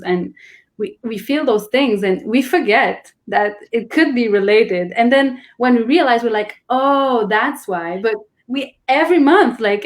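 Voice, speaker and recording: A woman, a guest in a casual conversation, explaining earnestly with many restarts. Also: on the high side.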